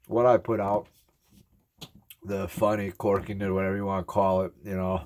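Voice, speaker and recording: A man's voice: deep voice, level tone, normal speed, long pauses, darkish tone, slight background noise. A man in his forties talking earnestly to his viewers in a rambling, reflective way, eating as he speaks. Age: 40s. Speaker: ASMR YouTuber. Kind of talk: casual reflective talk to camera.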